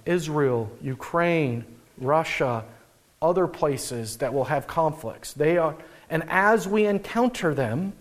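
A young adult man, a pastor, giving a conversational, animated sermon with frequent restarts. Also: sits high.

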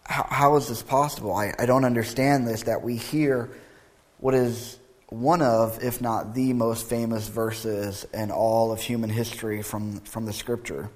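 Pastor, male, mid-pitched voice, preaching earnestly and reading a creed with mounting emphasis. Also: steady tone, a little slow. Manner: thinking aloud, with repeated words and restarts. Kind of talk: sermon.

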